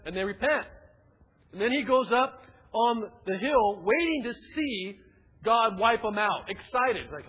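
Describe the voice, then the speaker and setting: A man's voice: sits high, animated, moderate pace, breathy edge. A man preaching a sermon in a conversational way, with casual asides. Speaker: pastor. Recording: dull recording with long hall reverb.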